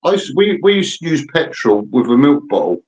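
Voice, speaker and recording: A man's voice: on the high side, brisk, muffled recording. A man, telling old stories in a casual chat and acting out the voices in them. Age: 50s. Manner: animated, acts out voices in anecdotes.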